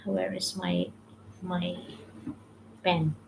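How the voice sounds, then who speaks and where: Slow, halting woman leading a devotional. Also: lowish voice, very animated, gravelly, background noise. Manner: halting, repeats words, reads viewer comments. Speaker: devotional livestream host. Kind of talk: casual devotional teaching.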